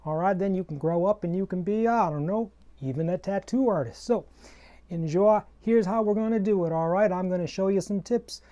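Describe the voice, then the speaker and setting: A man's voice: high voice, fairly quick, warm tone, lo-fi sound, voice pushed up, lightly acted. A man putting on a put-on cowboy drawl, playing a cheerful cowboy greeting preschoolers with hearty folksy calls.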